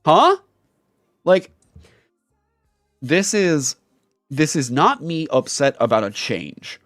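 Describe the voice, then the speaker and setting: A man's voice: a little high, sing-song, slow, no room sound, clean studio sound, faint music behind. A man on his own channel delivering an angry commentary rant, heated, profane and emphatic. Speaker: YouTuber and streamer.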